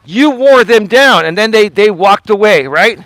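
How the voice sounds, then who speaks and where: A man livestreaming while he walks outside, filming himself with a phone on a selfie stick. His voice sits high, and the sound is dry and close with no room around it. He speaks with insistent emphasis and keeps circling back to repeat his points. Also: lively intonation, unhurried, fairly bright tone, dry recording, rough recording. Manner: emphatic, repetitive, addressing someone directly. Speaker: vlogger host. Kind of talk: live-streamed walking vlog. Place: outdoors, walking in the cold.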